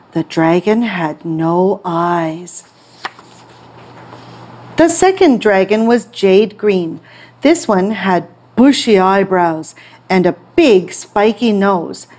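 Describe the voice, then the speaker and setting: A woman teacher reading an English picture book aloud to children, with an expressive, clear read-aloud manner. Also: medium pitch, slow.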